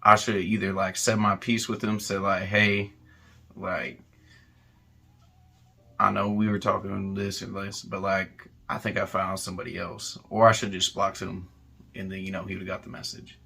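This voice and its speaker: Gravelly, bright-voiced man explaining himself. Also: low voice, little pitch movement, moderate pace. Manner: earnest, apologetic, rambling with fillers. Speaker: co-host. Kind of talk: casual chat, explaining himself.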